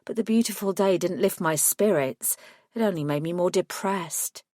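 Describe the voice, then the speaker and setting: A woman reading a first-person paranormal audiobook with wry, measured narration. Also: lowish voice, warm tone, no echo, clean studio sound.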